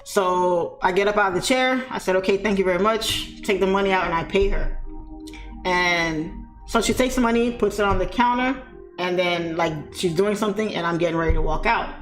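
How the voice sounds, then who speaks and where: A woman telling a story in a casual, animated way, speaking straight to her viewers. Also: fairly low pitch, moderate pace. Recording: echoey room with faint music.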